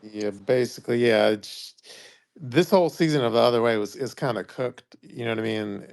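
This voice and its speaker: A man's voice: mid-range voice, normal speed, darkish tone. A man co-hosting a podcast, talking casually and hesitantly. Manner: hesitant, many fillers and restarts. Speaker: podcast co-host. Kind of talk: casual chat.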